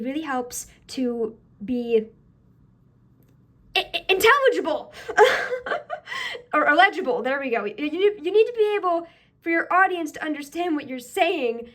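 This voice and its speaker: A woman with a fairly high voice reacts to her own old work in casual commentary. She chats, laughs at herself, and hands out friendly tips. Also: a bit bright. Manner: chatty, laughing, self-deprecating tips.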